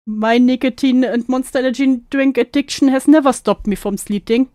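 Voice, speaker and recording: A woman's voice: high voice, fairly even intonation, normal speed, hardly any pauses, warm tone, dry recording, studio quality. A woman streamer reacting to an old call clip, sarcastic and laughing, mockingly repeating what she hears. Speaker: commentary streamer.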